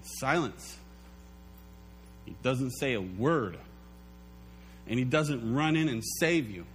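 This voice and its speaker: A man preaching a sermon as pastor, telling stories in an animated way and acting out the quotes. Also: medium pitch, takes it slowly, slight background noise. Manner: animated storytelling, acts out quotes.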